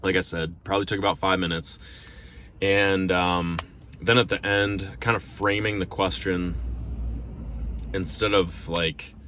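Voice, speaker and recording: A man's voice: deep voice, flat delivery, unhurried, long pauses, sharp tone, slight background noise. A man who works as a restaurant server tells a story casually from inside his car, talking into his phone. He rambles, sounds a little self-conscious, and uses lots of fillers and restarts. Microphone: phone held in front of him.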